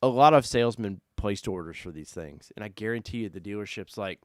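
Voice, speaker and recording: A man hosting a casual live-stream car chat, talking loosely and excitably, jumping from loud bursts to mutters. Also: fairly low pitch, brisk, no echo, clean studio sound. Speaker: host.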